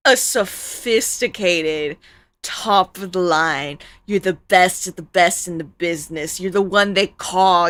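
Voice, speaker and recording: A VTuber streamer with a mid-range voice reacts to a video, speaking close to a streaming mic with no room sound. She's joking and animated, wandering off into rambling asides.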